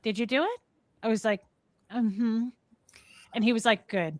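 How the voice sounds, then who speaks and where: A woman co-hosting a podcast, telling a long personal story in a casual, animated way, acting out the other people in it and filling her talk with "like" and "um". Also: a little high, a little slow, pauses often, no room sound, clean studio sound. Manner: animated storyteller, acts out quoted voices, many fillers. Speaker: podcast co-host.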